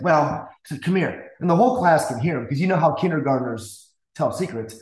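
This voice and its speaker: A man telling a classroom story in a casual, animated way, acting out the voices he quotes, with stammering restarts. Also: on the high side, normal speed. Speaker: guest music teacher. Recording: roomy echo.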